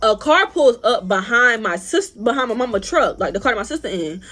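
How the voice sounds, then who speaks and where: A young woman tells a storytime tale in a casual, foul-mouthed way. Her voice sits high and swings widely in pitch. She acts out bits of what others said along the way. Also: brisk. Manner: animated, profane, acts out other people's lines. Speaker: vlogger. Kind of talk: storytime vlog.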